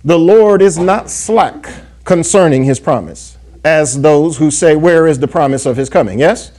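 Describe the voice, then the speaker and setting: A man preaching a sermon who reads scripture in old-fashioned wording and keeps checking in with the congregation with "yes?" and "amen?". He slows down to stress key words. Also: a little high, dark tone. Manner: call-and-response asides, frequent "yes?" and "amen?"; reads scripture aloud in King James wording. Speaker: pastor.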